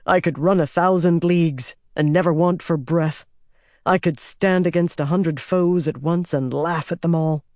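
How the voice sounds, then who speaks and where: A man reading an audiobook, voicing a stern, composed soldier general in a steady, measured way. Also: fairly high pitch, no room sound, studio quality, lightly acted.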